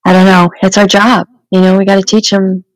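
A woman's voice: mid-range voice, flat delivery, a little fast, dry recording, rough recording. A woman co-hosting a casual podcast chat, telling everyday stories with frequent restarts and "you know".

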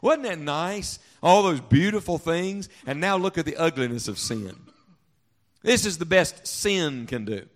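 A male pastor preaching a sermon to his congregation, leaning on rhetorical questions and call-and-response, and swinging between loud emphasis and quiet, low reflection. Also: lively intonation, unhurried. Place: church sanctuary before a congregation.

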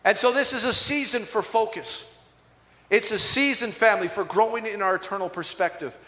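A man's voice: high voice, moderate pace, bright, forceful tone. A man preaching a sermon as pastor, emphatic and calling out to his congregation. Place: church hall. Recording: echoey hall with music behind.

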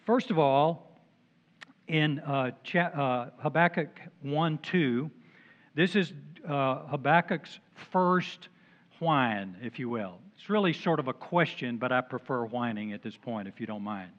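A man's voice: mid-range voice, normal speed, highs cut off. An older man preaching a sermon as pastor, conversational and dropping joking asides.

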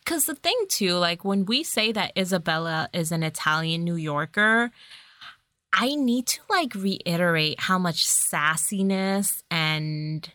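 A woman chatting casually on a podcast, animated and sassy, with a bright, forceful tone. She swears casually. The sound is dry and close, with no room echo. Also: on the low side, measured pace. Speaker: podcast co-host recapping a movie. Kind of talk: casual chat.

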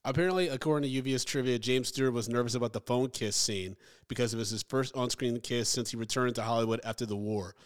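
A man co-hosting a film-review podcast in an easy, casual back-and-forth. He jokes often, reads out bits of trivia and slips into acting out scenes from the film. His pitch sits right in the middle for a man. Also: fast talker, few pauses, clean tone. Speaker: podcast co-host. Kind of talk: casual movie-review chat.

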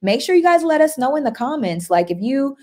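A woman's voice: sits high, very animated, brisk, mellow. A woman hosting a casual livestream, chatty and upbeat, reading out viewer comments and greeting people by name. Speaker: livestream host. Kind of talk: casual live-stream chat.

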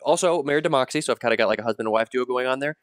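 A man's voice: mid-range voice, very fast, smooth, dry recording. Guy hosting a gaming podcast, rambly, lots of uh and like, dry close sound. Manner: rambling, lots of fillers and restarts. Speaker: podcast host. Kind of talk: casual gaming chat.

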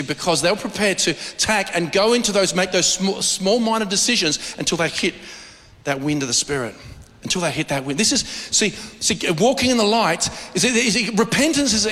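A middle-aged man from Australia with an Australian accent, preaching an animated sermon and often repeating words. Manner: animated preaching, repeats words, rises high when excited. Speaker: pastor. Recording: long hall reverb.

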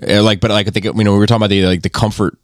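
A man with a lowish voice chats on a podcast, laid-back and easy to laugh, swearing freely. The sound is dry and close, with no room echo. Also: level tone, very fast. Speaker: podcast co-host. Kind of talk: casual chat.

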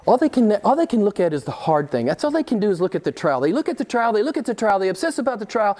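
Middle-aged male preacher, fervent sermon delivery, pitched a bit high, big swings between whisper-quiet and loud. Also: sing-song, fast talker. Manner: impassioned, swings from quiet to loud with sudden rises.

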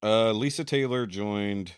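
A man's voice: lowish voice, unhurried, clean tone, dry recording, clean studio sound. A man hosting a casual podcast chat, loose and profane, often laughing at his cohosts. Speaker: podcast host.

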